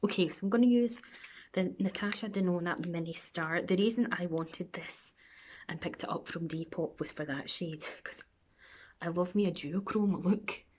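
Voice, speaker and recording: A Scottish woman in her thirties talks through her makeup routine in a rambling, chatty way. Her voice sits a little low, and she often drifts down to a near whisper. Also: normal speed, a little mellow. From Scotland. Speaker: makeup vlogger.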